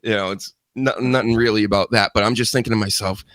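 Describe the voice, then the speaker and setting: A man hosting a wrestling podcast, talking in a bright, forceful voice. He rants with sarcasm and his pitch leaps up when he mocks people. The sound is dry and close to the mic. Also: steady tone, fast, no room sound. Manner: ranting, sarcastic, jumps high when mocking others. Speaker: podcast host. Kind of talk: casual wrestling podcast chat.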